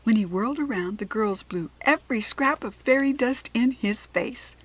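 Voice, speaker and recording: An American woman reading a children's storybook aloud in a gentle, expressive way. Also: a little high, moderate pace, breathy edge, poor audio. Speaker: children's book reader.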